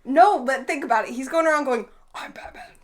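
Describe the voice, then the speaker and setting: A woman's voice: high-pitched, fast talker. A woman hosting a casual movie-review chat, rambling and giggly with lots of fillers. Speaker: host.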